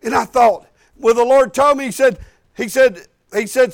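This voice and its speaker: A man's voice: extremely high pitch, normal speed. A man, preaching in a folksy, rambling storytelling way and repeating "I said" as he goes. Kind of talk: sermon storytelling.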